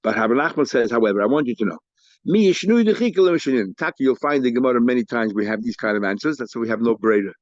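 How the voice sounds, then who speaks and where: A man teaching a daily Talmud lesson, mixing English with Hebrew and Aramaic study terms and acting out the litigants' lines in quick bursts. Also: medium pitch, expressive, no room sound. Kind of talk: daf yomi Talmud lecture. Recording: dull, lo-fi dry recording.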